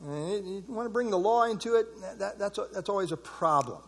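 A man's voice: sits high, expressive, fairly quick, husky. A man leading an evening church Bible study in a casual, conversational way, commenting on verses and asking the group for thoughts.

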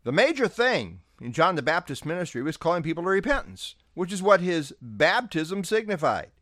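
A man's voice: fairly high pitch, fairly bright tone, no room sound, studio quality. A man who is a pastor, giving a devotional sermon in an earnest preaching manner with emphatic stresses.

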